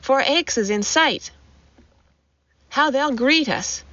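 Woman doing a breathless male rider, urgent calls, raised higher voice, dull lo-fi sound. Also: lively intonation, slow pace, sharp tone, no room sound, heavily acted. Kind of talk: poetry recitation.

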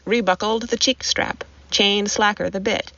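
A woman reciting a narrative poem in a measured, rhythmic way, in a dull lo-fi recording. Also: medium pitch, fairly even intonation, fairly bright tone, dry recording. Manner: measured rhythmic verse reading. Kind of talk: poetry recitation.

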